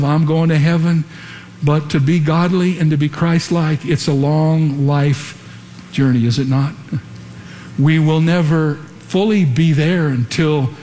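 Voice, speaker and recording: A man preaching a sermon in an earnest, measured way, building to emphatic repeated lines. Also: on the high side, a little mellow, a little hiss or hum. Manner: earnest preaching with dramatic pauses and quoted whispers. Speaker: pastor. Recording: long hall reverb, faint ambience.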